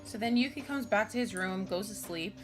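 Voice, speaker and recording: A woman's voice: medium pitch, a little fast, music in the background. A woman streamer casually recapping a video game story, chatty and giggly, with loose swearing. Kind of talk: casual let's-play recap.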